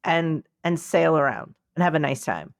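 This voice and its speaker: A woman's voice: sits low, expressive, moderate pace, vocal fry, no echo. A sleepy woman talks loosely on a podcast, wandering through a story and slipping into goofy voices for the people in it. Her sound is close and dry, with no room around it. She keeps the tone casual and comedic. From United States. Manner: rambling, playful, acts out quotes in silly voices. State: tired and sleepy. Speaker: podcast co-host.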